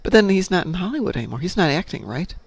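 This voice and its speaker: A man's voice: high voice, sing-song, racing, vocal fry, breathy edge, no room sound. A man hosting a gaming stream, chatting casually and reading viewer comments. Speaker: stream host reading chat. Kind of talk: casual chat while gaming.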